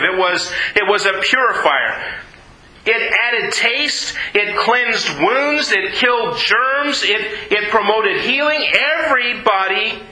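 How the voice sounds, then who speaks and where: A man preaching a sermon, emphatic, repeating words and dropping low and slow on key phrases. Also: bright, forceful tone, reverberant, poor audio.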